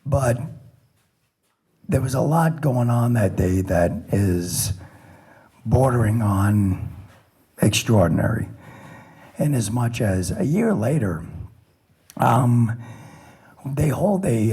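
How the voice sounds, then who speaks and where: A man's voice: mid-range voice, vocal fry, mellow, breathy edge. A middle-aged man, a police lieutenant, giving a plainspoken personal account with self-deprecating humor and frequent restarts. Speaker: police lieutenant recounting a shooting. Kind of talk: personal testimony talk.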